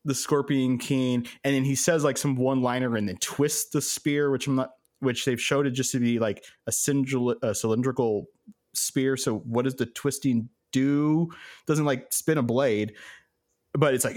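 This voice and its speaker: A man co-hosting a podcast, telling stories in a relaxed way and laughing often. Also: mid-range voice, normal speed. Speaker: podcast co-host. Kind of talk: casual chat.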